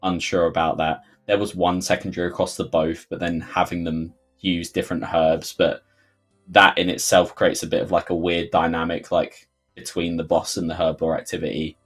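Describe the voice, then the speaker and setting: A man's voice: low voice, little pitch movement, normal speed, breathy edge, faint music behind. A man with a London accent hosting a livestream Q&A, chatty and rambling, full of fillers and sudden jokey outbursts. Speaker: game developer host. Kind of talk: livestream Q&A chat.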